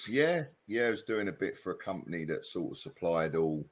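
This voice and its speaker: A middle-aged man from England, a former footballer chatting in an interview, hesitant and self-deprecating with many pauses and ums. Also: sits low, sing-song. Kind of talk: casual interview chat.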